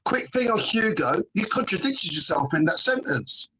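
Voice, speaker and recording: Middle-aged guy on a phone call, slightly high voice, pushy and emphatic, keeps saying mate, bit of faint background hiss. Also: very animated, moderate pace. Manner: emphatic, forceful arguing, keeps tagging "mate" and "right?". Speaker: fan panel guest. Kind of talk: casual fan podcast chat.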